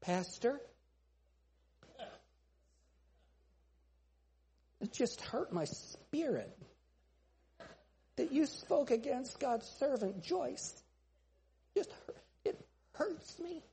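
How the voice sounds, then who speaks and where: A man voicing a wounded, whiny churchgoer complaining to the pastor in a soft, plaintive, hurt tone. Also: extremely high pitch, sing-song, slow, creaky, pauses often, a little hiss or hum, pitched above the performer's own voice, heavily acted.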